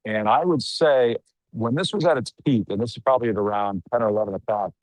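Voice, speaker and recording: A man's voice: medium pitch, fast talker, dry recording, low-quality recording. A middle-aged man reporting live on the scene outdoors at night, conversational with wry asides and some fillers. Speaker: news show host reporting live. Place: outdoors at night among a crowd.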